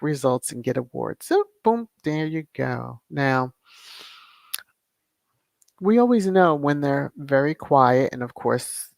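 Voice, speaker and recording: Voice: mid-range voice, vocal fry, dry recording. A channel host on a casual livestream who reads viewer comments aloud, greets people by name and laughs often, with many fillers. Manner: drawn-out, unhurried delivery with frequent fillers.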